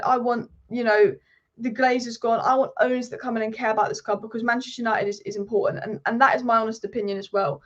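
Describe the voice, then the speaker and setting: A fired-up woman hosts a live football stream from home, ranting quickly and with passion. Her voice sits a little high. The sound is dull and lo-fi. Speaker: football channel host.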